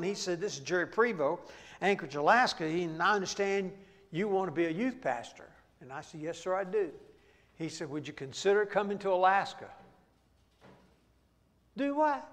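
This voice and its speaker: A middle-aged man preaches at a Bible study, telling folksy stories and now and then bursting into shouts. His voice sits high for a man. It rings with the long echo of a church auditorium. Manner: folksy storytelling with sudden shouts. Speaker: pastor.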